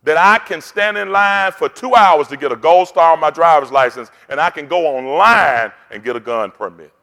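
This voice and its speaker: Male pastor, higher-pitched voice, rousing call-and-response preaching, church hall echo. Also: moderate pace, vocal fry, bright, forceful tone. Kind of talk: sermon. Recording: long hall reverb.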